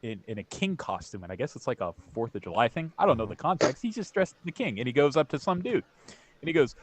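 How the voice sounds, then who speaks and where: A man co-hosting a podcast, telling rambling stories with halting restarts and crude jokes. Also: medium pitch, lively intonation. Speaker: podcast co-host. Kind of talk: casual chat.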